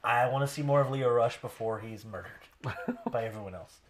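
A man hosting a podcast in casual chat. He is animated and jokey, laughs often, and mocks what other people say. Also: mid-range voice, normal speed, a little hiss or hum. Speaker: podcast host.

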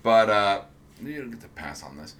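A man's voice: fairly low pitch, very animated, normal speed, a bit bright. A man co-hosting a casual podcast chat, rambling with many ums and restarts. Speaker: podcast co-host.

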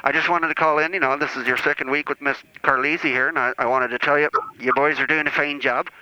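A man's voice: a little high, steady tone, quick pace, sharp tone, smooth, no room sound. A man voicing a self-important, rambling priest calling in to the show. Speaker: caller. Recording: dull phone-line call.

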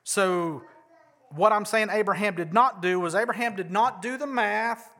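A man delivers a sermon in a bright, high voice. He talks conversationally, tosses out rhetorical questions and punches key words for emphasis. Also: normal speed. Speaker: pastor.

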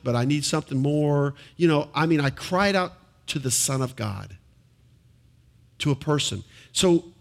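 Animated preaching man, somewhat high voice. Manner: animated preaching, asks the congregation questions. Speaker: pastor. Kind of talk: sermon. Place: church before a congregation.

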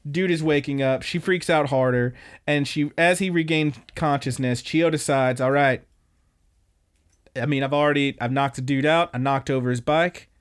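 A man's voice: medium pitch, normal speed, clear, resonant tone. A young man co-hosting a podcast, casually recapping anime episodes in a rambling, profane way. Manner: laid-back, rambling, profane, with animated quoted voices. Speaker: podcast co-host.

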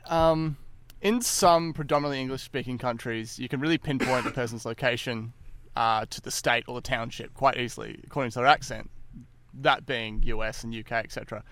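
A man's voice: mid-range voice, fairly quick, a bit bright, slight background noise. A man with a Western Australian accent who is a guest on a podcast roundtable, explaining things in a casual way with some filler words.

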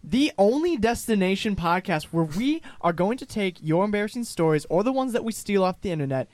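A man's voice: sits high, sing-song, a little fast, a little mellow. A man hosting a comedy podcast, talking playfully and rambling a bit. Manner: playful, rambling, stumbles over his words. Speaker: podcast host. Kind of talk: casual comedy podcast banter.

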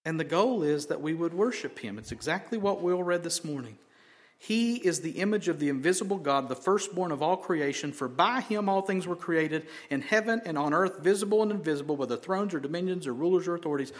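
Preaching man, loud swells and whispers. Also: fairly high pitch, animated, normal speed. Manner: swells loud on key phrases, drops to whispers. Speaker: pastor. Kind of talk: sermon.

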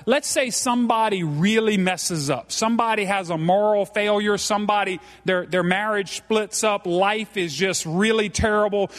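A man with a Cajun accent preaches live from the pulpit, mixing teasing jokes into his points and checking in with "okay?" again and again. His voice sits fairly high for a man. The sound rings out with a long hall reverb. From South Louisiana. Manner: folksy and joking, tags lines with "okay?". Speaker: pastor. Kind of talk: live sermon. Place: church.

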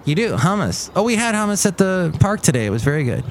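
A man's voice: sits high, very animated, quick pace, a little hiss or hum. A man hosting his own show in a casual, rambling monologue, thinking aloud as he talks. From California. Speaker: host.

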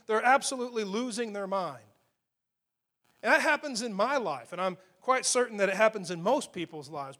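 Male pastor, higher pitch, storytelling sermon delivery with dynamic emphasis. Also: a bit bright. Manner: storytelling preacher, rises and falls for emphasis.

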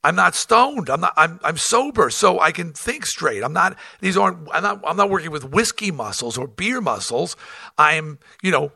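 A man, a rock band front man, telling tour stories in a blunt, profane, animated way, acting out what was said and often restarting his sentences. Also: on the high side, moderate pace, creaky, breathy edge, no room sound, clean studio sound. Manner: animated, acts out quotes, frequent restarts. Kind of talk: casual storytelling.

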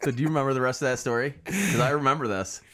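A man who is a musician guest telling animated, laughing stories in a casual chat. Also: mid-range voice, racing.

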